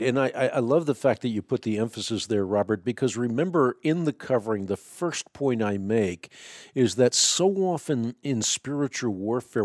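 A man's voice: medium pitch, darkish tone, no room sound, studio quality. A man hosting a call-in radio show, answering a caller's Bible questions in an earnest, preacherly, explanatory way.

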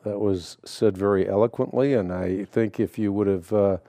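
A man hosting a call-in radio show, talking in a measured, emphatic, preacherly way. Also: on the low side, steady tone, dark tone, no echo, clean studio sound.

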